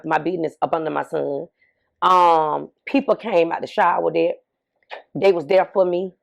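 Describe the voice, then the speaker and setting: A woman's voice: lowish voice, creaky, dull audio. A middle-aged woman talking candidly as an interview guest, emphatic, often repeating herself and asking rhetorical questions. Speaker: interview guest, bereaved mother.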